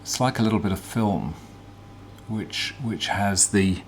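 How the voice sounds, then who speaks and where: A man hosting a casual teardown demonstration, talking in a relaxed, hesitant way with frequent ums as he explains. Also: fairly low pitch, a little slow, a little hiss or hum. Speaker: vlog host.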